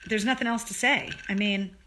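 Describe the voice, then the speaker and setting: Bright-voiced woman hosting an emotional livestream. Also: medium pitch, steady tone, normal speed, a little hiss or hum. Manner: earnest, emotional, swears freely, rambling restarts. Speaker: livestream show host. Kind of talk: casual livestream talk to viewers.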